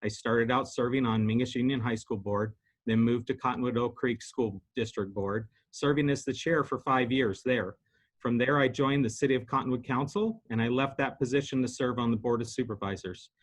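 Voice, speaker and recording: A man's voice: mid-range voice, fairly even intonation, normal speed. Middle-aged man giving a campaign statement. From Arizona. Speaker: county supervisor candidate.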